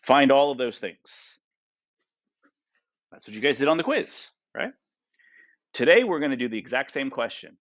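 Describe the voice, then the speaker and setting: A man's voice: medium pitch, big pitch swings, normal speed, pauses often, a bit bright, lo-fi sound. A man teaching a math class, who keeps asking his students questions and tags his points with "right?" and "okay?". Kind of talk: classroom lecture.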